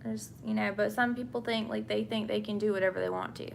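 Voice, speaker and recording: A young nurse and vlogger talks fast in a creaky, mid-range voice with a steady tone, slight background noise behind her. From England yet speaking with a Southern US accent, she chats casually about her nursing job while doing her makeup, answering viewer questions with many fillers and restarts.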